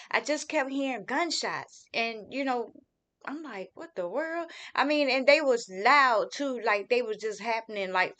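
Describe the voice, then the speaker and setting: A middle-aged woman telling her own story as a grieving mother, in a heartfelt testimony full of "you know" fillers. She speaks at an unhurried, slow pace. Her voice sits a little high. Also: bright, forceful tone. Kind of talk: personal testimony.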